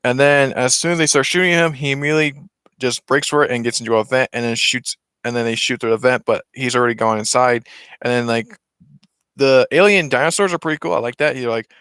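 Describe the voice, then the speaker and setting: A man retelling a film in a casual, excited, rambling way with many restarts. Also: medium pitch, fast talker, clean tone, dry recording.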